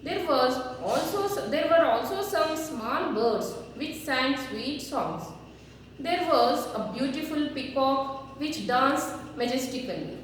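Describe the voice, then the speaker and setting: A woman teaching a grammar lesson to children, slowly repeating word forms for them. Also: high-pitched, animated. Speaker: schoolteacher. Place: classroom. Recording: echoey room, far from mic.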